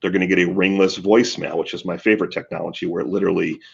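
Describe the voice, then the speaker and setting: A man's voice: deep voice, flat delivery, rapid-fire, vocal fry, slightly rough. A man explaining things in a coaching way as a guest in a video call interview. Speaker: marketing guest expert. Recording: dull lo-fi audio.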